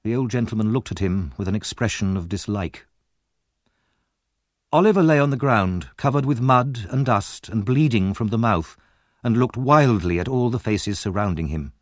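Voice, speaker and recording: A male audiobook narrator with a lower voice that rises and falls widely as he tells the story. The reading is expressive and dramatic, recorded close and dry with no room sound. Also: normal speed, no echo. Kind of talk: scripted narration.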